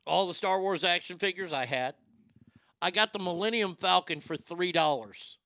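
A man's voice: high-pitched, moderate pace, no room sound, studio quality. A middle-aged man doing stand-up, telling a crude family story and acting out the quotes. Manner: crude, animated, acts out quotes. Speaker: stand-up comedian.

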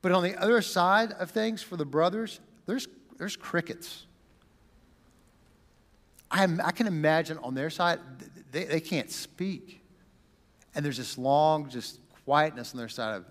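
A man preaching a sermon, dramatic, swinging from loud bursts down to a near whisper. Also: fairly high pitch, animated, measured pace, big-room sound. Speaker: pastor.

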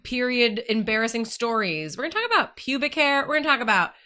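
A woman's voice: on the high side, lively intonation, fast talker, bright, forceful tone. A woman co-hosting a casual podcast chat, chatty and a bit profane, laughing often. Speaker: podcast co-host.

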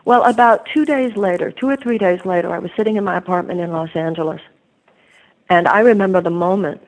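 A woman's voice: fairly low pitch, a little fast, rough recording. A woman author being interviewed, telling her story in an earnest, reflective way. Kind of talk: conversational interview.

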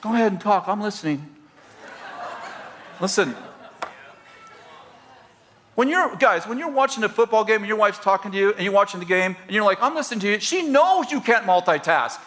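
A man's voice: sits high, moderate pace, long pauses, background noise. A man preaching a humorous sermon as a pastor and marriage counselor, telling stories and acting out the people in them. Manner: storytelling, animated, acts out quoted people.

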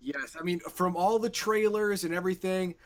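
A man co-hosts a casual film chat, jumping in impatiently and cracking jokes. His voice is slightly high for a man. He talks in a loose, bantering way. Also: fairly even intonation, moderate pace. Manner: impatient, interrupting, joking. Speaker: co-host.

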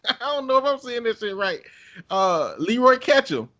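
A man's voice: very high-pitched, sing-song, unhurried, pushed and bright, dull audio. A man in a casual chat who jokes, swears freely and laughs often. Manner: profane, jokey, laughs often.

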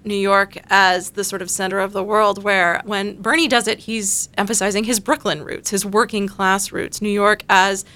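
A woman speaks on a podcast panel with a bright, clear-edged voice. She explains her points in a measured, analytical way, building each idea step by step. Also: mid-range voice, flat delivery.

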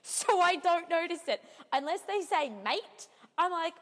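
A woman from Australia with an Australian accent, co-hosting a casual podcast chat, animated and full of quick asides. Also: extremely high pitch, big-room sound. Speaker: podcast co-host.

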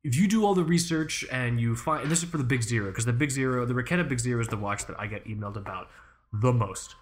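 A male podcast host explains things in a loose, rambling way, peppered with fillers and swearing. His voice sits at a mid pitch and sounds relaxed and conversational. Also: fast. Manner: rambling and swearing, heavy use of "like" and "you know". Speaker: podcast host and Soviet watch expert. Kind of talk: casual podcast chat.

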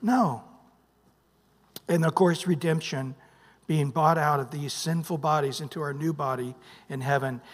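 A male pastor preaching a sermon, emphatic, swinging from loud bursts to hushed near-whispers and prompting the congregation with "what?". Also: on the high side, long reverb tail. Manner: emphatic, calls out "what?" for the congregation to fill in verses. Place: church sanctuary.

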